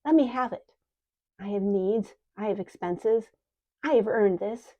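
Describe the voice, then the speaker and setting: A woman voicing a greedy, dwarfish old woman who croaks and hisses her words, sharp-tongued and wheedling. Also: medium pitch, normal speed. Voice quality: croaking, hissing. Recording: dull lo-fi recording.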